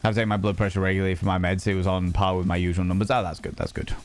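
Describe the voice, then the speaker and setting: A man's voice: deep voice, flat delivery, very fast, faint music behind. A man streaming live, chatting casually with his chat, loose and sweary with plenty of fillers.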